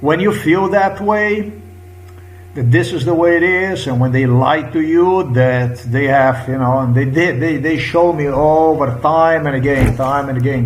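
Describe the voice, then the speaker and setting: A man's voice: medium pitch, a little hiss or hum, low-quality recording. A man, speaking English in an emotional, insistent personal monologue full of fillers and restarts. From Slovenia. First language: Slovenian. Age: 50s. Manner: halting, many fillers and restarts. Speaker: vlogger.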